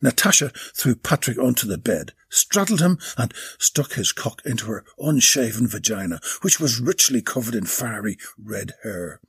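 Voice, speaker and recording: A man reading his own comic erotic story aloud in a flat, deadpan way. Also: mid-range voice, moderate pace, creaky, few pauses, slightly rough, dry recording, clean studio sound.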